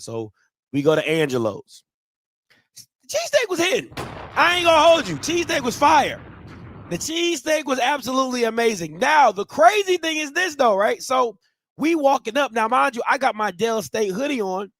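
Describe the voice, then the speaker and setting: High-voiced man telling a lively story. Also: normal speed, dry recording. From Ohio, USA. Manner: animated, repeats and restarts phrases, slangy. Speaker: vlogger. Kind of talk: casual storytelling vlog.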